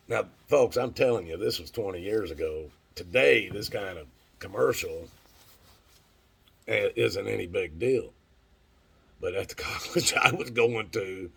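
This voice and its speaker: Gravelly low-voiced man telling stories. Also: a bit bright. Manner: rambling, profane, acts out quoted voices. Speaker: storyteller. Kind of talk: casual storytelling monologue.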